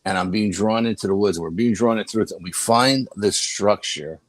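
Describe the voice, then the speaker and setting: Older man, paranormal investigator guest, deep voice, dry close sound, rambling casual storytelling. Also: moderate pace, no room sound. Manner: rambling, full of "you know" and restarts.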